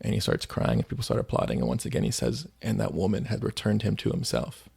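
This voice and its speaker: A man's voice: lowish voice, sing-song, fast talker, vocal fry, darkish tone, breathy edge. A man co-hosting a faith podcast, retelling stories in a rambling, casual way with lots of "like.". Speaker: podcast co-host.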